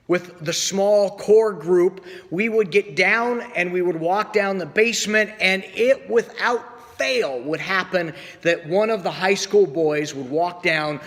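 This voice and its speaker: A man preaching a sermon as pastor, telling stories with voiced quotes and slow pauses. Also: high-pitched, fairly bright tone. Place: church sanctuary. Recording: long church reverb.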